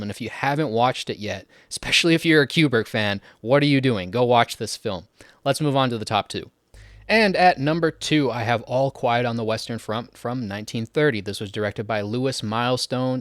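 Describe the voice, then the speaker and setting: Male host, mid-pitched, casual and eager film talker, fillers, dry close mic. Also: dry recording. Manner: chatty and enthusiastic, many likes and ums. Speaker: film list channel host. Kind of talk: casual film review talk.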